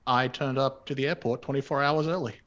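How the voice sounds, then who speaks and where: A man's voice: medium pitch, fairly even intonation, brisk, a bit bright, dull audio. A man from Scotland telling rambling, self-deprecating anecdotes in casual chat on a video call. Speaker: player.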